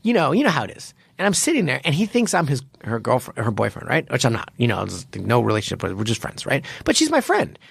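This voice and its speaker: Gravelly man telling a story animatedly. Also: medium pitch, quick pace, few pauses, no echo, clean studio sound. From United States. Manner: animated storytelling with many restarts and fillers. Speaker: podcast host. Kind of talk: casual podcast chat.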